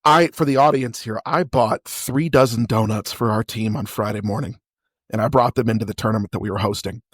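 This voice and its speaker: A man's voice: lowish voice, a little fast, breathy edge, no echo, clean studio sound. A man co-hosting a podcast, bantering casually. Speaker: podcast co-host. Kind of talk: casual chat.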